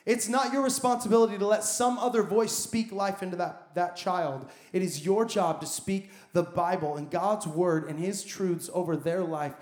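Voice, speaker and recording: Male pastor, high voice, emphatic sermon, repeated phrases, echoey church hall. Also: fairly even intonation, normal speed, few pauses, a little mellow. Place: church sanctuary.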